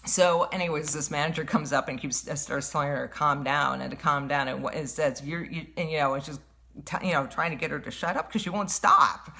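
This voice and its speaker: Woman, slightly low voice, casual vlogger retelling a confrontation with lots of filler words and restarts. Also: fairly quick, gravelly. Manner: rambling, animated retelling with many fillers and restarts; says she has a wicked tongue. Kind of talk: casual storytelling.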